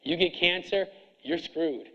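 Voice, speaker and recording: Blunt, hard-driving man with a high voice. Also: sharp tone, lo-fi sound. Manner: blunt, hard-driving, preachy with rapid rhetorical questions. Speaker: chiropractor coaching other chiropractors. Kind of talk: seminar speech to an audience.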